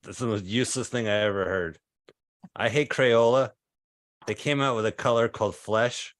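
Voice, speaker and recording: Fifties male comic, mid-pitched, deadpan delivery of absurd jokes over a video call. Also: moderate pace, no echo, clean studio sound. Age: 50s. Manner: deadpan absurd one-liners. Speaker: stand-up comedian. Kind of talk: stand-up set.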